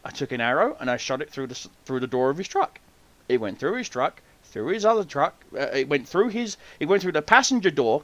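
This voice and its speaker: A man hosting a podcast, telling hunting stories in a casual, profane, animated way and acting out the people he quotes. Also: on the high side, brisk, lo-fi sound. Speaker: podcast host. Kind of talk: casual storytelling chat.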